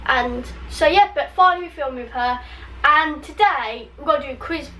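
A young woman hosting a casual quiz vlog, chatty and giggly, talking in quick bursts. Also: high-pitched, sharp tone, recorded from a distance, slight background noise, poor audio. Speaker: channel host.

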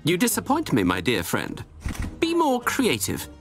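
A woman's voice: lowish voice, huge pitch swings, unhurried, exaggerated voice. A woman voicing Sherlock Holmes, a confident male detective with a lofty, theatrical manner in a video game. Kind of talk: game voice acting. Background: game music.

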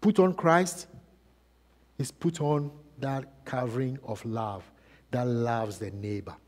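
A man preaching a sermon as pastor, asking repeated rhetorical questions and swinging between loud and soft. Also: mid-range voice, slow. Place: church. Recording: long church reverb.

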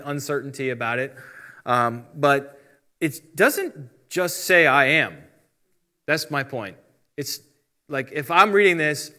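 A man's voice: on the high side, sharp tone. A middle-aged man giving a casual Bible teaching talk, explaining step by step and reading out translations.

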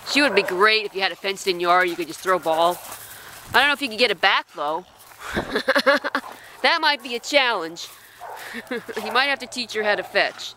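A woman's voice: mid-range voice, lively intonation, normal speed, noisy background. A woman presenting an adoptable dog, gushing and switching into baby talk to coo at the dog, laughing often. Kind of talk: casual show-and-tell to camera.

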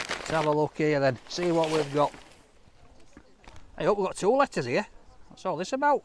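A man, chatting excitedly to camera while he opens fan mail in a park, laughing often. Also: a little high, moderate pace, long pauses, background noise. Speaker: food reviewer opening fan mail. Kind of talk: casual vlog chat to camera. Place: outdoors in a park.

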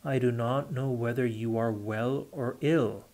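A man's voice: mid-range voice, steady tone, unhurried, darkish tone, natural voice. A man reading the part of a grave, fearful young woman in an audiobook, speaking solemnly and heavily. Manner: solemn and heavy.

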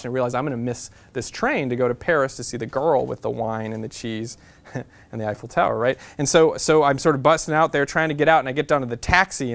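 Fast-talking animated male storyteller. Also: medium pitch, creaky. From Nebraska, USA. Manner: animated, repeats a refrain, acts out quoted voices. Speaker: guest speaker. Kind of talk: storytelling lecture to students.

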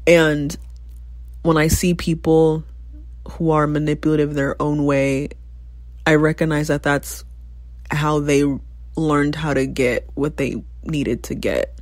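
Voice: mid-range voice, little pitch movement, slow pace, pauses often, no echo, studio quality. A podcast host in their twenties speaking in a candid, reflective personal monologue, breaking into sudden exclamations when recalling past conversations. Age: 20s.

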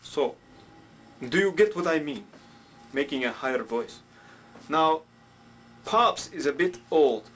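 A man's voice: fairly high pitch, fairly bright tone. A man teaching puppet voices in a rambling, playful way. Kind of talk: instructional puppet show.

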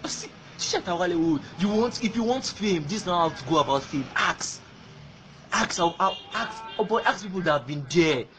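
Man, Nigerian accent, fairly high voice, angry insulting rant, repeats himself, switches between Pidgin and English. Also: animated, moderate pace, fairly bright tone, soft background music. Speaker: fan. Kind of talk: ranting video message.

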